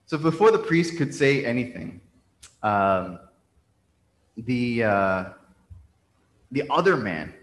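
A man's voice: mid-range voice, sing-song, slow pace, long pauses. A man, a priest, telling a story as a sermon in a church sanctuary, talking conversationally with frequent restarts. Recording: roomy church reverb.

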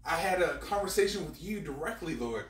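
Earnest praying guy, kinda high bright voice, far from the mic. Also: expressive, brisk. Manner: earnest, repeating thanks. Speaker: prayer leader. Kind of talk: spoken prayer. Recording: echoey room from far off, faint noise.

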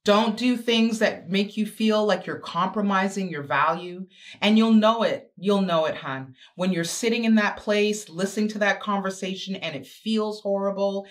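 A woman's voice: mid-range voice, moderate pace. A woman giving a motivational talk to teenage girls, with emphatic, repetitive exhortations and chatty, sassy asides. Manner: emphatic, repetitive exhortation with sudden swings in pace. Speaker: guest speaker.

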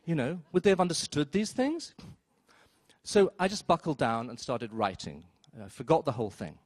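A man telling a story on stage at a live event, wry and self-mocking, with quick asides and acted-out quotes. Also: on the high side, lively intonation, no echo. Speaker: storyteller, film critic. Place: theater stage before an audience.

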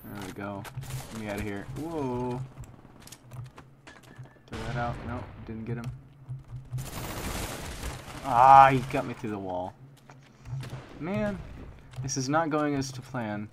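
Over very noisy audio, with game gunfire and explosions loud in the background, a young gaming commentator reacts to his play live. He mutters to himself and repeats phrases, speaking slowly in a mid-range voice and pausing often.

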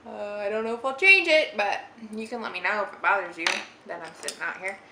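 A woman's voice: mid-range voice, fast talker, pushed and bright, slight background noise. A young woman chatting casually through a makeup tutorial in her living room, rambling and giggly with lots of "like". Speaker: beauty vlogger. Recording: roomy living room with faint ambience.

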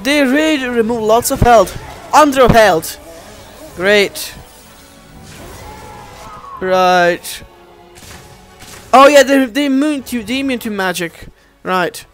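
A man giving let's play commentary, animated and easily exasperated, often addressing viewers as guys. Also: extremely high pitch, slow, pauses often, soft background music. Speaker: gameplay commentator.

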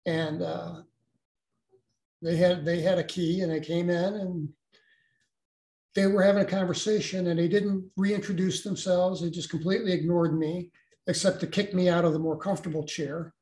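An older man, a guest, recounting a personal experience in a halting way with many restarts. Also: high-pitched, flat delivery, a little mellow, roomy sound.

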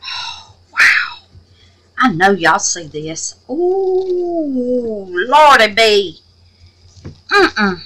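A woman's voice: on the high side, big pitch swings, drawn-out words, long pauses, sharp tone, slightly rough, rough recording. A woman hosting a casual crafting tutorial, chatting away, exclaiming to the Lord and muttering half-whispered asides to herself. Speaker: resin craft channel host.

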